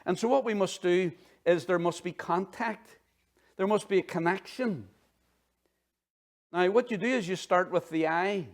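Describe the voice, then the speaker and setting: A middle-aged man preaches in a chatty, animated way. He breaks off into personal asides. His voice sits a little higher than most men's. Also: measured pace. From Northern Ireland. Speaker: pastor. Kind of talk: sermon.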